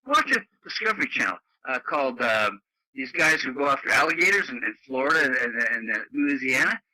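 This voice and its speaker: A man's voice: mid-range voice, sing-song, fairly quick, bright, forceful tone, no room sound, rough recording. An older man from Canada chatting bluntly on a radio net, laughing often and using lots of fillers. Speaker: radio club member. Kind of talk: casual radio chat. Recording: dry radio audio.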